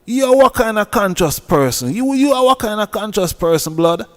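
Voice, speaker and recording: A man's voice: sits high, animated, normal speed, in a large hall. A man with a Jamaican accent who scolds and preaches in a heated commentary rant, repeating himself. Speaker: online commentator.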